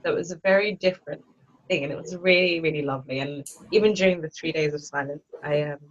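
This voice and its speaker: A woman's voice: low-pitched, fast. A woman guest on a podcast, telling a personal story in casual talk and acting out her past self. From England. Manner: animated, acts out her own past voices. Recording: dull lo-fi with faint noise.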